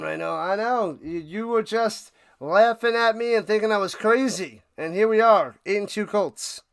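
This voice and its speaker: Excitable man with a high, gravelly voice. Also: unhurried. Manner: excitable, jokey, bursts of loud hype on big plays. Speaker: watch party play-by-play host. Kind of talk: casual live play-by-play and chat with viewers. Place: home room, his man cave.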